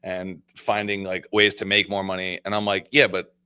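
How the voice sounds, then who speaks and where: A man's voice: low-pitched, completely flat delivery, bright, forceful tone, clean tone. A man who owns a restaurant, a guest in a casual talk, musing about people with a lot of "like" as filler. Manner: fast, reflective, fillers like "like". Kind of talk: casual chat.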